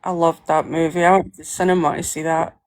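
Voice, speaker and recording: A woman with an East Coast Scottish accent in casual chat, talking loosely with a lot of "like" and quick laughs. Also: sits low, little pitch movement. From Scotland. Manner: chatty, fillers of "like", laughs easily.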